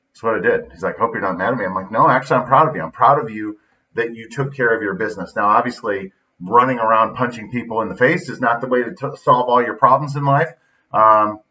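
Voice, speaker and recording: A man's voice: lowish voice, pushed and bright, distant mic. Man, middle-aged, blunt folksy motivational monologue, dull lo-fi recording. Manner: blunt, folksy, retells stories with quoted dialogue. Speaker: podcast host and youth football coach. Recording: dull lo-fi sound, slightly off-mic.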